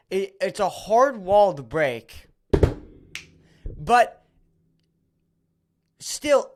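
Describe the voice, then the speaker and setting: A man hosting a solo podcast, ranting in a profane, rambling, sarcastic way with many restarts. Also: sits high. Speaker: podcast host.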